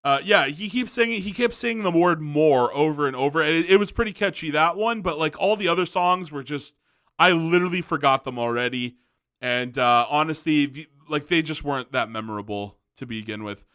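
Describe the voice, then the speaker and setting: Bright-voiced rambling young man. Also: a little high, fairly quick, clear, resonant tone. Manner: rambling, restarts often, laughs easily. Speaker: movie reviewer. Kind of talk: casual spoken review.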